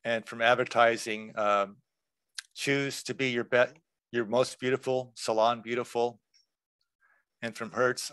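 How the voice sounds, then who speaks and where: A man presenting a workshop lecture in a relaxed, conversational way, explaining terms with examples. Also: medium pitch, measured pace, long pauses, clear, resonant tone, no room sound.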